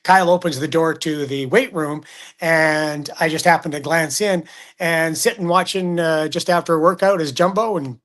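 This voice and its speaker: Man, middle-aged, slightly high voice, animated hockey storyteller, casual chat. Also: moderate pace. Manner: animated storyteller, acts out quotes. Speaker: hockey broadcaster guest.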